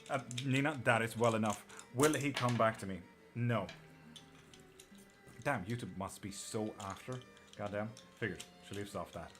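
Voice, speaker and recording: A man's voice: mid-range voice, a bit bright. A man with an Irish-sounding accent and a slight twang, hosting a live tarot stream in casual chat, blunt and swearing freely as he answers viewers.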